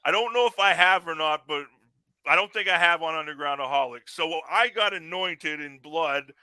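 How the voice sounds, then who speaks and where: A man's voice: fairly high pitch, normal speed, pushed and bright, smooth, dry recording, poor audio. A man with a Canadian accent hosting a podcast in casual chat, swearing freely and laughing often as he rambles through stories. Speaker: podcast host.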